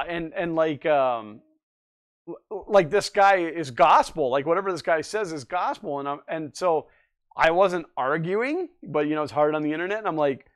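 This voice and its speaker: Forty-something guy rambling on a live stream, kinda high voice, smooth and clear. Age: 40s. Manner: rambling, chatty, reads and answers chat. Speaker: livestream host. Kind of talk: casual live-stream chat.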